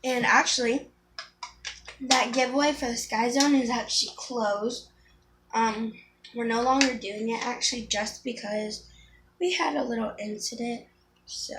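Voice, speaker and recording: Teen girl beauty vlogger, casual and chatty, slightly high voice, faint room noise. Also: steady tone, unhurried, pauses often. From Florida. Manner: chatty, rambling, with frequent ums and restarts. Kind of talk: casual makeup tutorial chat.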